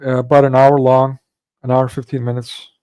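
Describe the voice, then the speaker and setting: A man's voice: medium pitch, completely flat delivery, normal speed, mellow, clean tone, dry recording. A man hosting a livestream, telling a long rambling story in casual chat with frequent restarts and fillers. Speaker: livestream host.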